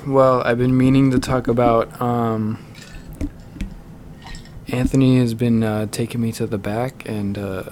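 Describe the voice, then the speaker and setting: A young man with a mid-pitched voice trades banter on a casual podcast, telling his jokes deadpan and mock-serious. A light ambient hiss sits under his voice. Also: unhurried, long pauses. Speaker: podcast co-host. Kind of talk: casual chat among friends.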